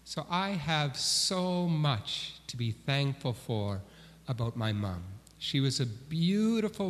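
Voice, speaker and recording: A man giving a children's message in church, telling gentle stories and asking the children questions. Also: a little high, very animated, slow. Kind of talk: children's sermon storytelling. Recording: long hall reverb.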